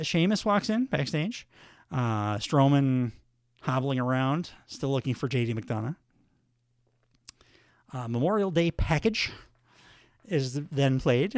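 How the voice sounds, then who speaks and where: In clean, studio-quality audio with no echo, a man with a medium-pitched, creaky voice hosts a podcast. He gives a casual, rambling recap of a wrestling show, packed with fillers.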